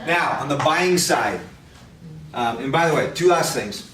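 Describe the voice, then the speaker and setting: A man's voice: mid-range voice, a little fast, noisy background. Male trainer at a workshop, plain straight talk, heard from across a reverberant room. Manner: blunt, conversational, coaching. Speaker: real estate trainer. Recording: echoey room from far off.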